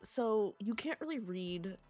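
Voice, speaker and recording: A woman narrating a tabletop role-playing game as game master, explaining scenes and rules in a relaxed way. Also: mid-range voice, a little slow, soft background music.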